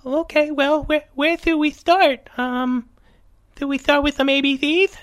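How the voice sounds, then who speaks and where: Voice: high-pitched, flat delivery, a little slow, a bit bright, no echo, clean studio sound. A performer voicing a timid kid who hesitates and stammers. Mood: unsure.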